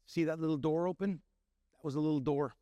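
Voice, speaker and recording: A man's voice: fairly high pitch, fast talker, dry recording, highs cut off. A middle-aged man, a chef and restaurant owner from Milwaukee, telling stories to an audience and acting out the voices of the people in them. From Milwaukee, Wisconsin. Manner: animated storytelling, acting out quoted voices. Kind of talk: storytelling talk to an audience.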